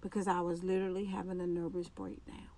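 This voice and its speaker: A woman hosting a podcast, giving an earnest personal faith testimony and speaking haltingly, with restarts and repeated phrases. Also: fairly low pitch, little pitch movement, mellow. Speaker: podcast host.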